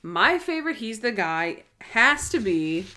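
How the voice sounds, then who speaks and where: A woman's voice: a little high, big pitch swings, unhurried, bright, forceful tone, slight background noise. Enthusiastic woman co-hosting a podcast. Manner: enthusiastic, emphatic, retells scenes. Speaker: podcast co-host. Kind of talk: casual chat.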